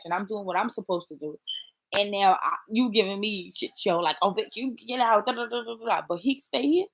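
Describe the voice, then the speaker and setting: Woman, casual vlog chat, blunt, profane, talks directly to viewers, medium pitch. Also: a bit bright. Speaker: vlogger.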